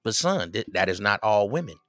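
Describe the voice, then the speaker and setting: A middle-aged man, hosting a livestream and giving preachy, animated advice to his viewers. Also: on the low side, fairly quick, no echo, soft background music. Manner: preachy, animated, quotes others in raised voices. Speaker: livestream host. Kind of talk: casual advice talk to viewers.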